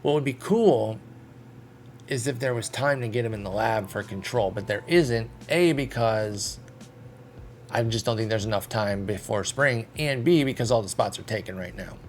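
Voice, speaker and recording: A man's voice: on the low side, moderate pace, slight background noise. A man casually commenting on a baseball management game, thinking aloud in a chatty, self-deprecating way. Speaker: video game streamer.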